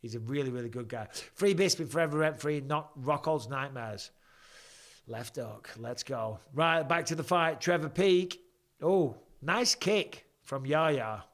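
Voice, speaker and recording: A man's voice: fairly high pitch, unhurried, a bit bright. A man in his forties chatting casually through live fight commentary at home, joking and answering viewer questions. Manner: chatty, jokey banter reading viewer questions aloud. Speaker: live stream host.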